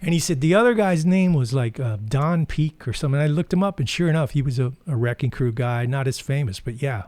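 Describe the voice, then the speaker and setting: A man's voice: mid-range voice, expressive, fairly quick, a little mellow, dry recording. Dry-voiced man telling rambling stories. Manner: rambling, anecdotal, with many fillers. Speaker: guitar channel host. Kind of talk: casual storytelling.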